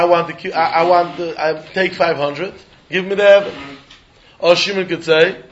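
Man, Talmud class teacher, lilt, fairly high voice, dull lo-fi recording. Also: fairly bright tone. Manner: sing-song study-hall explaining, acting out both sides of a deal. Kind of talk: animated Talmud class lecture.

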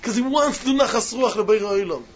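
A man with a high voice preaches in to his students. He hammers key phrases over and over, jumping from loud insistence to quiet, hushed asides. The recording is dull and lo-fi, with a faint hiss underneath. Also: fast. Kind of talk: sermon.

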